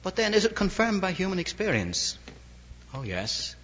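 Older Irish preacher, lively wry storyteller. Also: male voice, high voice, normal speed, slight background noise. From Ireland. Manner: wry, anecdotal, lively inflection. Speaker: evangelist preacher. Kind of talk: storytelling sermon. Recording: dull lo-fi recording, long hall reverb.

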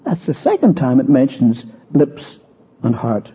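A man's voice: mid-range voice, big pitch swings, a little slow. A man preaching an expository sermon, walking through verses and stressing repeated words, then telling a personal story. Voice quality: husky. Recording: tinny, narrow-band old recording.

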